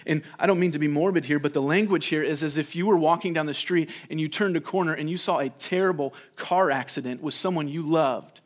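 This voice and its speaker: A man's voice: a little high, fairly quick, few pauses. A man preaching a sermon to his congregation in a conversational way, sometimes acting out the speech of the people in his story. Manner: conversational preaching, voices the disciples in quotes. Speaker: pastor.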